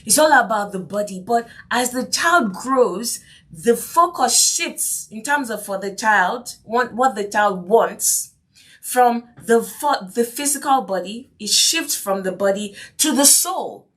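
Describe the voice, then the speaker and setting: This podcast host's voice is a little high and a bit bright, animated yet slow-paced. Her faith-based parenting show has an earnest tone, and she keeps repeating key phrases and checking in with "do you see what I mean?"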